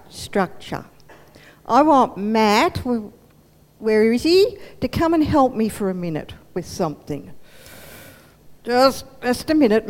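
Woman preacher, animated storyteller; unhurried, long church-hall reverb. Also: on the high side. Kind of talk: storytelling sermon.

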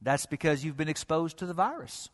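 A male pastor preaching with rhetorical questions and dramatic pauses, sometimes dropping to a near whisper. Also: fairly high pitch, in a large hall. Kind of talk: sermon. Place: church sanctuary.

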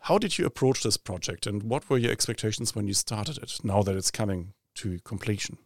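A man's voice: lowish voice, animated, fairly quick, no room sound. Wry German-accented man interviewing. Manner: probing, wry questions. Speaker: podcast host, think tank head. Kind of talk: conversational interview.

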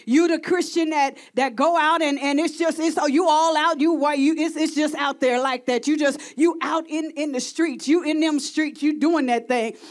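A woman preaching a sermon to a congregation, calling out to the crowd and building to shouts. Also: sits high. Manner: call-and-response preaching, rising to shouting.

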